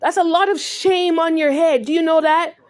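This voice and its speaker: Woman, high voice, angry vlog rant, confrontational, repetitive. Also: fairly even intonation, moderate pace. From California. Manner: confrontational, repetitive, peppered with "right?". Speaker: vlogger.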